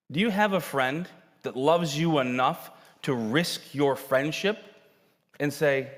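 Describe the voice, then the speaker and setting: A male pastor preaching a sermon, telling Bible stories with animated acted-out dialogue. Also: on the high side, moderate pace. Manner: animated storytelling, acting out characters' lines. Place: church sanctuary. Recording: long hall reverb.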